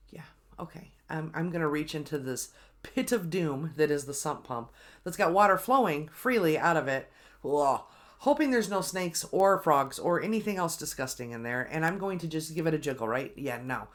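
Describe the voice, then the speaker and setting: A middle-aged woman hosting her own show, telling a story in a casual, animated and exasperated way, with many ums and restarts. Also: sits low, normal speed. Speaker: host.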